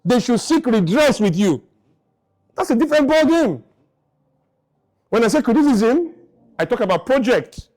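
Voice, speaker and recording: Guy in his 50s lecturing a crowd, highish voice, keeps hammering questions at them. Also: very animated, normal speed, pauses often, a little mellow. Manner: emphatic, hammering rhetorical questions. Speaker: speaker. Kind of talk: motivational lecture to a live audience.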